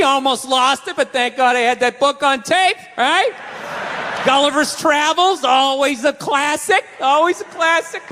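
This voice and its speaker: A man doing a stand-up comedy routine, ranting angrily, swearing and breaking into shouts. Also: very high voice, big-room sound, a little hiss or hum. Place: comedy stage before a laughing audience.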